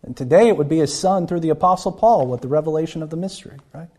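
A man's voice: a little high, fast talker, darkish tone. A man preaching a Bible-teaching sermon, earnest and often repeating words as he acts out the people he quotes.

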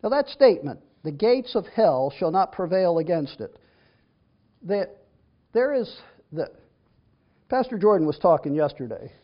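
A man's voice: high voice, very animated, measured pace, long pauses. A man teaching from the Bible, reading verses aloud and then explaining them in a chatty, conversational way. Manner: reads scripture then explains it in a casual, chatty way with restarts. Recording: dull lo-fi recording.

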